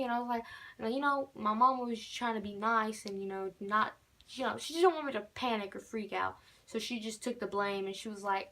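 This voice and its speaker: A woman's voice: on the high side, moderate pace, a bit bright. A teenage girl telling a casual storytime tale, rambling with many fillers and restarts. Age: teens. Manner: rambling, many fillers, keeps repeating "normal". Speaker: vlogger.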